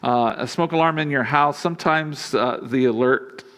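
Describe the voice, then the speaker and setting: A man's voice: medium pitch, moderate pace. Joking, conversational man preaching. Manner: conversational and humorous, chuckling often; acts out quoted lines in a lively voice. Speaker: pastor. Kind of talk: sermon.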